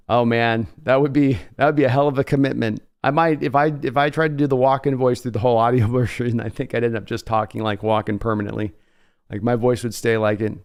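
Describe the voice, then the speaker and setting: A man's voice: mid-range voice, fairly even intonation, a little fast, clean tone. A man hosting a live draft reaction stream, breaking down prospects analytically in a casual way and reading out viewer comments. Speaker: host.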